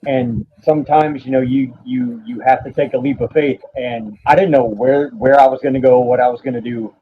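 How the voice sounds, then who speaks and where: A man, a podcast guest telling a painful personal story in a halting, profane way, stopping now and then to steady himself. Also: medium pitch. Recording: dull lo-fi audio.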